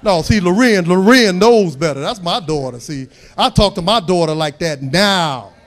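A man's voice: high voice, animated, normal speed, fairly bright tone. A middle-aged man preaching a sermon, telling homey family stories with humor and building to emphatic, raised points. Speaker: pastor.

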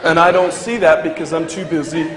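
A man's voice: a little high, a little fast. A young man, a motivational speaker, telling a comic story to a live audience and acting out the people in it. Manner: animated, acts out the people in his story. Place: large hall with a live audience. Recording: echoey hall with crowd laughter and noise.

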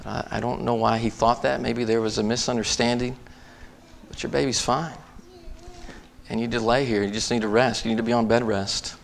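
A man's voice: medium pitch, fairly even intonation, fairly quick, vocal fry, slight background noise. A man preaching in a church, telling a family story and then reading scripture aloud with rising emphasis. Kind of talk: sermon.

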